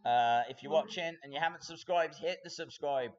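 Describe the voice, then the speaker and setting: A man's voice: on the high side, moderate pace. A man hosting a live-stream reaction, chatting casually and thinking aloud with fillers. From England. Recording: slightly muffled stream audio.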